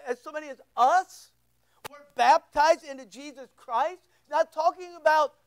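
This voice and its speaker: Orta yaşlı erkek vaiz, tiz sesli, kilisede sohbet havasında vaaz veriyor. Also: male voice, very high-pitched, normal speed, low-quality recording. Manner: conversational, repeats words, asks the room questions. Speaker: pastor. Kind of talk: sermon. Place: church.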